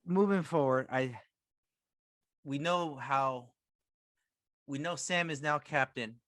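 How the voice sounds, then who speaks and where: A man talking as a guest on a casual podcast, telling personal stories in a relaxed way. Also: fairly high pitch, takes it slowly, no room sound, clean studio sound.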